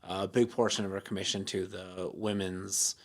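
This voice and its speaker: A man's voice: sits low, level tone, normal speed. A man telling a long story as a podcast guest in casual chat, rambling with many fillers, laughing often and acting out the lines people said to him. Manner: acts out quoted lines in his story.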